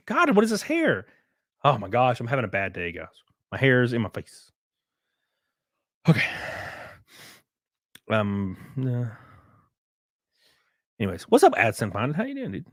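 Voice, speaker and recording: A livestreamer and race car driver from rural Alabama reads viewer comments in casual chat, rambling, laughing a lot, and swearing freely. His Southern voice is fairly low and comes through a dry mic with no room sound.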